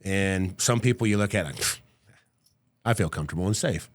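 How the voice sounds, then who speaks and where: A middle-aged podcast guest tells a story casually and vividly, swearing freely and acting out the people he quotes. His voice sits low and keeps a moderate pace.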